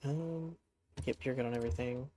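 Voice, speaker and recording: A man's voice: medium pitch, moderate pace, mellow, a little hiss or hum. A man streaming a horse game, talking casually to his horses in a rambling, chatty way, with a congested voice. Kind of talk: casual gameplay commentary.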